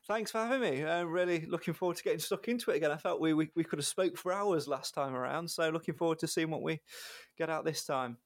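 A man's voice: fairly high pitch, fast talker, no echo, clean studio sound. A man, a football fan and podcast guest, telling chatty stories and laughing often. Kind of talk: casual podcast chat.

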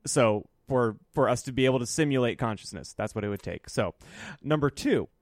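A man's voice: mid-range voice, brisk, no echo, clean studio sound. A man co-hosting a casual podcast, telling stories with a lot of laughter. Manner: laughs often, animated storytelling. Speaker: podcast co-host. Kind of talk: casual chat.

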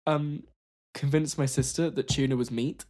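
A woman's voice: low-pitched, steady tone, normal speed, darkish tone. A woman guesting on a podcast, chatting casually in a rambling, giggly way with many restarts. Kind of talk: casual chat.

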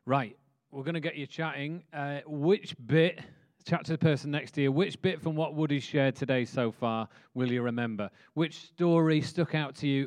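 A man leading a church gathering, giving brisk directions to the congregation. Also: a little high, a little mellow. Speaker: service leader.

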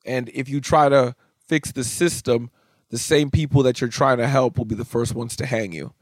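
A man in his thirties hosting a podcast alone, rambling casually with lots of swearing and excitable bursts. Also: mid-range voice, normal speed, no echo, clean studio sound. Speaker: podcast host. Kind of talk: casual solo podcast monologue.

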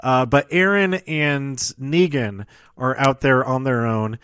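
A man casually recapping a TV episode, rambling and halting with many fillers, restarts and chuckling asides. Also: medium pitch, a bit bright, clear, resonant tone, dry recording. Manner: self-deprecating and chuckling asides.

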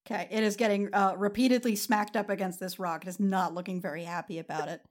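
A woman running a tabletop game as game master, relaxed and laughing, with many fillers. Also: medium pitch, fast.

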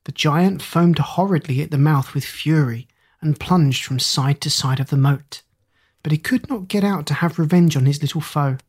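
A breathy, husky-edged voice reads a fairy tale aloud at a steady, measured pace. The pitch sits in a middle range that is neither high nor low. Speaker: narrator. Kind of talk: storybook narration.

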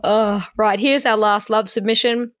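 A woman's voice: mid-range voice, measured pace, dry recording, clean studio sound. A woman co-hosting a casual chat, reading out listener submissions and laughing often. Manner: giggly, laughs often, animated. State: sober, going through a breakup.

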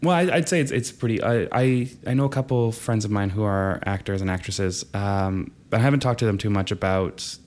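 A young man from Canada who teaches drama, talking casually in an interview, relaxed and chatty with frequent laughs. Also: fairly low pitch, a little fast, few pauses. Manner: relaxed and chatty, laughs often, acts out quoted voices.

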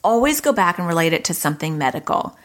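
A woman's voice: lowish voice, very animated, quick pace. Woman therapist explaining with analogies. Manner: conversational, explains with analogies, acts out quoted dialogue. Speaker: child anxiety therapist. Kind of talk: advice talk to parents.

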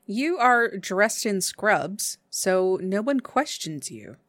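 A woman game master narrating a tabletop role-playing game in slow, unhurried descriptions. Her voice sits at a middle pitch, and the recording is dry and close. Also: very animated, fairly bright tone, dry recording.

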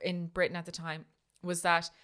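A woman's voice: fairly low pitch, completely flat delivery, normal speed, a bit bright, smooth. A woman co-hosting a podcast, telling a history story in a chatty way, often restarting and tagging lines with "right?". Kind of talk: casual storytelling chat.

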